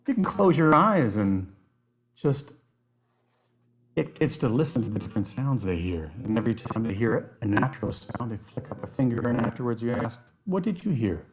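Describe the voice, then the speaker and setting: A man presenting an online workshop on nature activities, enthusiastic and given to animated storytelling. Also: medium pitch, normal speed, a little hiss or hum. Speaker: outdoor educator, workshop presenter.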